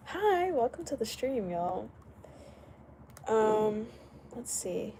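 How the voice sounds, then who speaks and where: A woman's voice: on the high side, very animated, extremely slow, long pauses, a little mellow, slight background noise. A young woman hosting a casual late-night livestream, chatting loosely, greeting viewers by name and laughing often. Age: young adult. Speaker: livestream host. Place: indoors at home, late at night.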